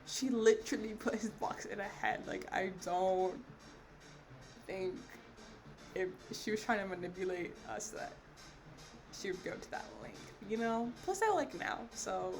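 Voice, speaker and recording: A woman's voice: medium pitch, unhurried, faint music behind. A woman giving casual, chatty gameplay commentary, speaking her opinions on the story as she plays. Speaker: let's play streamer. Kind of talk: gameplay commentary and reading dialogue aloud.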